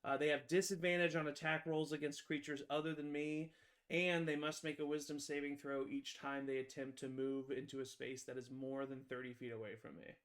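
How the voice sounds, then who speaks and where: Bright, animated man playing tabletop. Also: a little high, fairly quick. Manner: animated and rambling, full of fillers and laughs. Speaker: player. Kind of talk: casual tabletop game play.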